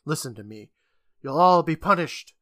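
A man's voice: fairly high pitch, expressive, normal speed, fairly bright tone, dry recording, studio quality, voice pushed up. Haughty witch headmistress, as a man puts her on. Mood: menacing. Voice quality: commanding, haughty. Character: cruel domineering witch woman, ancient.

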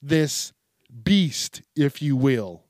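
A man's voice: medium pitch, animated, very slow, darkish tone, no room sound, clean studio sound. A man hosting a casual solo podcast, rambling and swearing through jokey rants, slipping into mocking quoted voices and laughing at himself. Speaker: podcast host.

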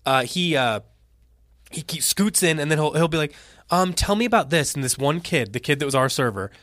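A man's voice: a little high, fairly quick, dry recording, clean studio sound. Man telling a rambling story. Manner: animated storytelling, acting out quotes. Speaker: podcast co-host. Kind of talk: casual chat.

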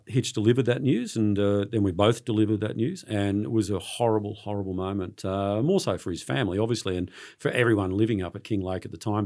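A middle-aged Australian man, a sports journalist being interviewed, telling stories in an earnest, halting way and often repeating words. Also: lowish voice, darkish tone. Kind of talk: casual interview storytelling.

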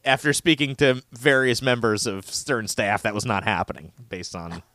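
A man's voice: mid-range voice, steady tone, normal speed, sharp tone, no echo. A young man co-hosting a trivia podcast, chatting casually and sarcastically, often mocking and laughing. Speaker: podcast co-host. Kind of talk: casual comedic banter.

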